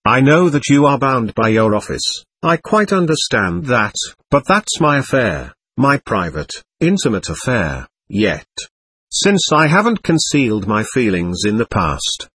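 Man voicing an impassioned, husky young man. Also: mid-range voice, sing-song, unhurried, a bit bright, dry recording, full character voice. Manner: impassioned, pleading, emphatic. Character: agitated proud young man under questioning. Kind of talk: audiobook character reading.

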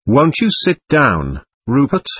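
A man reading as a calm, assured woman mystic. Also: medium pitch, husky, dry recording, heavily acted. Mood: persuasive. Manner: calm, impersonal, deliberate.

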